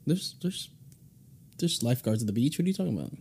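Male podcast host, mid-range voice, casual quick-fire questioning, laughs a lot. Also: mid-range voice, very animated, creaky, warm tone, a little hiss or hum. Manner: laughs often, stumbles and restarts.

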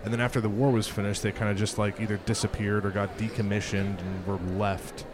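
A man's voice: lowish voice, level tone, a little fast, noisy background. A man playing a tabletop game who explains his character in a rambling way, full of fillers. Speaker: player. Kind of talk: casual tabletop game chat.

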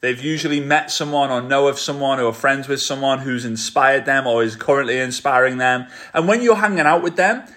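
An energetic man with a Scouse accent hosts his solo podcast, talking right to his listeners. His delivery is motivational and direct, in a mid-range voice. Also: medium pitch, brisk, few pauses. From England. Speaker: podcast host.

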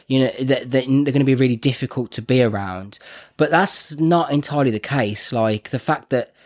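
A man talks through a podcast conversation at an everyday pitch. He rambles and laughs easily. His tone is loose and conversational. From Birmingham, England. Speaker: podcast co-host. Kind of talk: casual chat.

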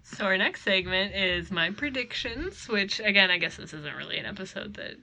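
A young woman co-hosting a casual podcast, chatting with dry, deadpan humor and frequent laughs. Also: medium pitch, moderate pace, creaky. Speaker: podcast co-host. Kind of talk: casual chat.

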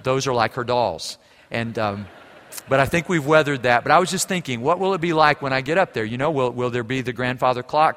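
A middle-aged man preaching a sermon as pastor, telling stories with lively humor and ending in prayer. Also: medium pitch, big-room sound. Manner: storytelling, lively, warm humor.

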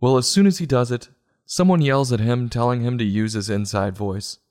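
A man's voice: mid-range voice, normal speed. Sarcastic man reviewing a children's book. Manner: sarcastic, exasperated, rising to incredulous questions; profane deadpan asides. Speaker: host of a book review show.

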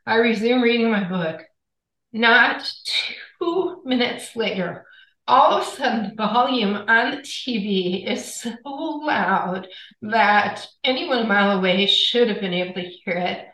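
Animated woman telling a story, echoey room. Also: fairly high pitch, unhurried. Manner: animated storyteller, acts out quoted dialogue. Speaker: podcast guest, author. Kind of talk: storytelling in a conversation.

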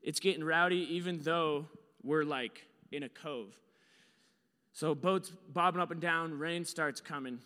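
A man's voice: on the high side, a little slow, pushed and bright, clear, resonant tone, in a large hall. A young man telling a story with slides in a casual, rambling way. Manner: casual, rambling, lots of fillers.

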